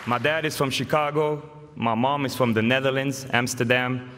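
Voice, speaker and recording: A man's voice: medium pitch, steady tone, moderate pace, very noisy. French-accented man joking from a podium. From France. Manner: joking, storytelling. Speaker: honoree giving an induction speech. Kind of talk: acceptance speech. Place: large hall. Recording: reverberant hall with faint ambience.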